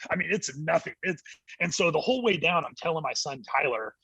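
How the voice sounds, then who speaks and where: A middle-aged man tells his story with lively energy, acting out what people said. His voice is bright and forceful, with a husky edge. The sound is close and dry. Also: fairly high pitch, no echo, highs cut off. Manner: animated storyteller acting out quotes, quick laughs. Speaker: guest, youth ministry director. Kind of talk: storytelling in a church podcast interview.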